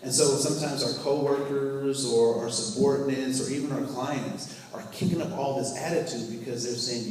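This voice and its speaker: A man's voice: medium pitch, normal speed, darkish tone, slight background noise. A man leading a workplace training session, telling stories to a live group and asking them questions. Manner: storytelling, asks the audience questions, acts out scenes. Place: training room with a live audience. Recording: echoey hall, mic far off.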